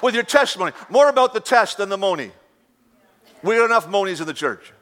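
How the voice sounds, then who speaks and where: A man's voice: high voice, animated, brisk, fairly bright tone. A man preaching a sermon, emphatic and repetitive, mixing in humorous asides. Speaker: pastor.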